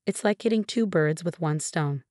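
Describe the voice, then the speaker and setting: Brief: woman voicing a casually dismissive husband, lowish, dry storybook read. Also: normal speed, darkish tone, no room sound, lightly acted. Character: adult husband, casual and secretive.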